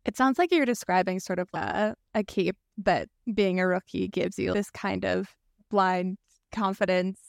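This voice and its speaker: A female co-host with a gravelly, fry-laced voice sums up her guest's story in a reflective, thoughtful way. The sound is dry and close to the mic. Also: mid-range voice, unhurried, dry recording. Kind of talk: conversational interview.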